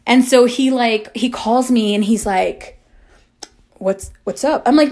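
Woman, twenties, casual storytelling, chatty, swears, slightly high voice, vocal fry. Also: measured pace, a little mellow. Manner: chatty, heavy use of "like", swearing, dramatic retelling. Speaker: amateur audio creator.

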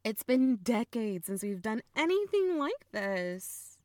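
A woman's voice: on the high side, very animated, takes it slowly, darkish tone, dry recording, studio quality. A young woman playing a blunt, teasing older sister in an audio role-play, swearing freely and laughing often. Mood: playful.

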